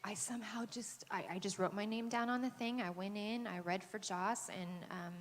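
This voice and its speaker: A woman's voice: mid-range voice, fairly even intonation, moderate pace. A woman from Texas, an actress on a convention panel, telling a casual anecdote with many fillers, restarts and laughs. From Texas, USA. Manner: hesitant, lots of fillers and restarts, laughs often. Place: large convention hall panel. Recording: echoey convention hall, faint noise.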